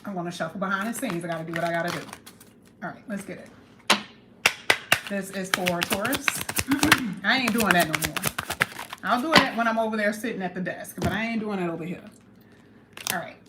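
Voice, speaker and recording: Heavy background noise surrounds a woman doing a casual on-camera tarot reading in a mid-range voice. Chatty and animated, she talks directly to viewers and slows down on key phrases for emphasis.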